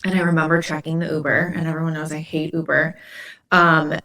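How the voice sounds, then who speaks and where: A woman's voice: low voice, level tone, a little fast, sharp tone. A woman from Indiana hosting a podcast, telling stories in a casual, chatty way full of "like" fillers. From Indiana, USA. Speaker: podcast host. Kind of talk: casual storytelling chat.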